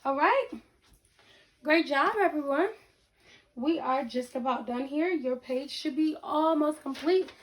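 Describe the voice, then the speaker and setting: A woman teaching a reading lesson to children, speaking slowly and deliberately, breaking words into syllables and checking in with the class. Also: sits high. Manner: repeats sentences and checks in with the class.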